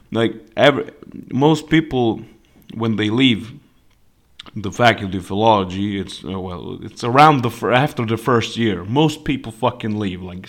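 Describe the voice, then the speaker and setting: Animated, foul-mouthed young man rambling. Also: lowish voice. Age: young adult. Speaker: podcast host. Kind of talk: casual storytelling monologue.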